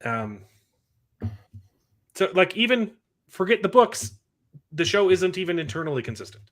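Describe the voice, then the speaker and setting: A man's voice: high-pitched, sing-song, moderate pace, a bit bright. A man hosting a casual chat show, sarcastic and dismissive as he picks apart a TV series. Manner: sarcastic, dismissive, mocks scenes in put-on voices. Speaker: show host.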